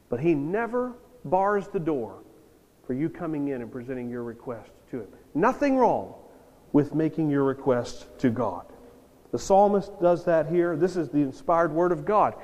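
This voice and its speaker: In the long-reverberating hall of a church sanctuary, a jet-lagged pastor delivers his sermon. His voice is slightly high with a darkish tone, earnest and rising into emphatic outbursts.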